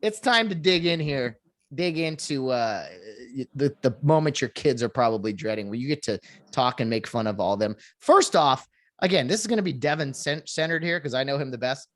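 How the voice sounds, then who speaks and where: A man's voice: mid-range voice, animated, normal speed. A young man hosting a casual podcast interview, chatty and laughing often. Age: young adult. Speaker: podcast host.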